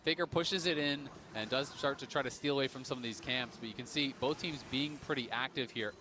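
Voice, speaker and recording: A man giving steady, analytical esports color commentary. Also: mid-range voice, a little fast, background noise. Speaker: color caster.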